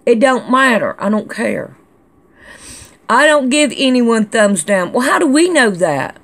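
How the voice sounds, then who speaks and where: A woman's voice: fairly high pitch, sing-song, unhurried, a bit bright. A woman hosting a casual vlog, reading out viewer comments in a chatty, scolding, drawling way. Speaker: channel host reading comments.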